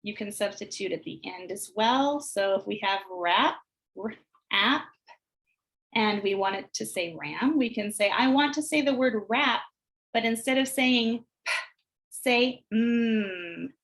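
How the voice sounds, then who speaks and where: American lady teacher, slow and careful, sounding out letters one by one in a screencast lesson. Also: medium pitch, lively intonation, a bit bright. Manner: slow, deliberate sounding out of phonemes. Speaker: teacher trainer. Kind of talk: instructional screencast demonstration.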